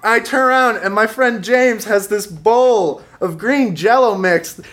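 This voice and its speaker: A man's voice: sits high, unhurried, fairly bright tone. Wry young man telling a comic story. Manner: wry, self-mocking, chuckles through his lines. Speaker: storyteller at a live show.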